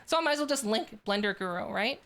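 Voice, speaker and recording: A woman's voice: a little high, expressive, quick pace, a bit bright. A woman streaming live, chatting casually and rambling with lots of fillers. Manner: rambling, filler-heavy, restarts often.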